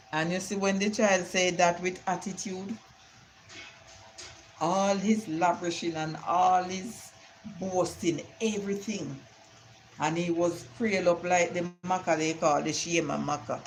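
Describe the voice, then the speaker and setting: A woman's voice: low-pitched, fairly even intonation, measured pace, rough recording. An older grandmother talks to her live-stream audience. She rambles from one anecdote to the next and quotes scripture along the way. A faint ambient hum sits under her voice. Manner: rambling storytelling with Bible sayings. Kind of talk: casual live-stream chat.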